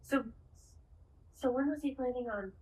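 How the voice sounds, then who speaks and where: A woman co-hosting a podcast in casual chat, retelling a TV finale with lively acted-out lines and plenty of swearing. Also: sits high, moderate pace, roomy sound, far from the mic, poor audio. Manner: animated retelling, acts out the characters' lines, swears freely. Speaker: podcast co-host.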